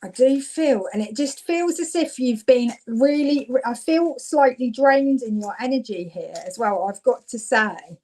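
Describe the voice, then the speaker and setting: This is a rough recording of a woman from Devon, England, doing live psychic card readings for her viewers. Her high voice is unhurried with few pauses, and her warm, chatty manner gets louder with excitement.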